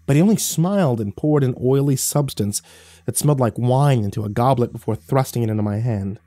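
A man reading a horror story aloud in a dramatic, slow, drawn-out narration. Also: medium pitch, dark tone, no echo.

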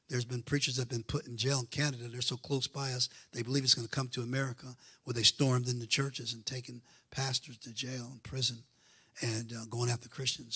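Fervent preacher with a gravelly husky voice. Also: male voice, mid-range voice. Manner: swings from quiet asides to loud fervent preaching, chuckles often. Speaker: pastor. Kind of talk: sermon. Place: church auditorium.

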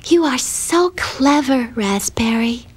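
A woman voicing a shy, dreamy little girl who talks softly and hesitantly in a storybook reading. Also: high-pitched, expressive, takes it slowly, breathy edge, voice pushed up, full character voice. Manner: soft, timid and hesitant.

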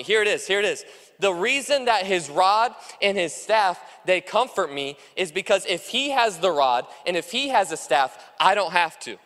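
A man's voice: sits high, animated, normal speed, a bit bright, in a large hall. A pastor preaching a sermon to his congregation, earnest and repetitive, with frequent fillers. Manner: earnest, repeats phrases for emphasis, many "uh" fillers. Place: church sanctuary.

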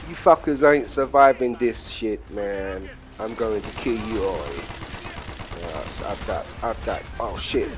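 A British man giving crude, excitable let's play commentary while trash-talking enemies in a war game. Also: on the low side, measured pace, slight background noise. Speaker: gamer. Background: game music and gunfire.

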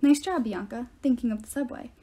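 An earnest, hopeful young satyr, as a woman reading aloud puts him on, gentle and a little anxious. His voice sits on the higher side and stays mellow and soft. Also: brisk, close to an everyday voice.

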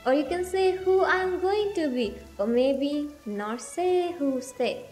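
High, slow-talking bubbly streamer woman. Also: expressive, darkish tone. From India. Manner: bubbly, rambling, chats with viewers. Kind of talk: casual livestream chat. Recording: music playing behind.

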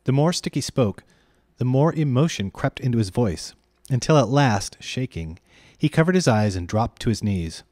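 A man narrating a children's novel aloud in an expressive, measured way. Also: mid-range voice, no echo, studio quality. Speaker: reader. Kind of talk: storybook narration.

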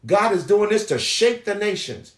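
A man's voice: sits high, big pitch swings. Fervent male pastor in an echoey sanctuary. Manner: fervent preaching, drawing out scripture words slowly. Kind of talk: sermon. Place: church sanctuary.

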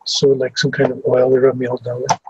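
A man giving testimony about his memories, speaking haltingly with many fillers and restarts. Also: medium pitch, monotone, breathy edge, no room sound, poor audio. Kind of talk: recounting personal memories in testimony.

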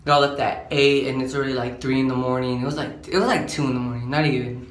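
A fast-talking eighteen-year-old with a mid-range, fairly even voice rambles through a casual storytime vlog, heavy on slang and "like." The recording sounds roomy and echoey, with a faint background hum.

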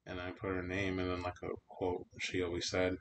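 A man's voice: low voice, monotone, a little fast, a little hiss or hum. A young man hosting a podcast, telling laid-back stories in casual chat with heavy swearing and slang. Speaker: podcast host.

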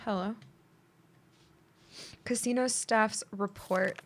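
This is casual live-stream commentary from a woman playing a video game, her mid-range voice fairly bright, at a moderate pace with frequent pauses. Slight background noise is present. Chatty and laughing a lot, she swears and addresses chat while her voice fades.

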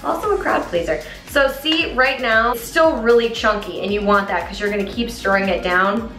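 A woman's voice: a little high, moderate pace, sharp tone. A playful woman talks through a casual cooking demo in her home kitchen, tossing in jokey asides. She sits back from the mic, and her voice rings in the room over faint music. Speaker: cooking vlogger. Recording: roomy echo, mic at a distance, faint music.

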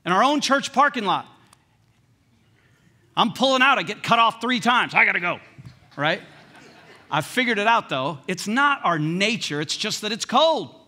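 A man delivers a church sermon as pastor, his voice sitting high for a man and ringing with a bright edge. He talks in a loose, joking, conversational way, dropping to hushed lines and then pressing points with force. The delivery feels like a preacher speaking to his congregation from the front. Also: big pitch swings, measured pace, long pauses. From United States. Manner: conversational and humorous, swinging between hushed and emphatic. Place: church sanctuary.

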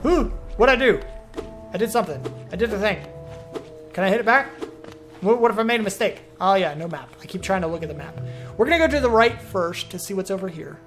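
A man's voice: high-pitched, expressive, fairly quick, fairly bright tone, faint music behind. Chatty man streaming a game. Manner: chatty, self-talking, easily surprised. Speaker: gaming streamer. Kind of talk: let's play commentary.

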